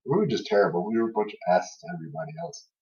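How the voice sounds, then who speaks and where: A man's voice: mid-range voice, very animated, rapid-fire, mellow. A man chatting on a podcast, telling funny stories from an old job, laughing between lines and leaning on fillers like "you know". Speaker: podcast host. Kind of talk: casual storytelling chat. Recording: echoey room, far from mic, dull lo-fi sound.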